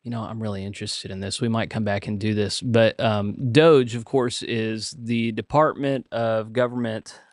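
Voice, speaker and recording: A man's voice: lowish voice, steady tone, normal speed, no room sound. A man hosting a casual livestream, reading items aloud and commenting with dry humor, with frequent hesitations. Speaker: livestream host.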